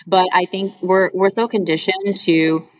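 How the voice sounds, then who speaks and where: Candid woman podcast host, lower voice. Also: steady tone, measured pace, low-quality recording. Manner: candid and emphatic, with casual swearing. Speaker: podcast host and healing coach. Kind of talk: casual podcast chat.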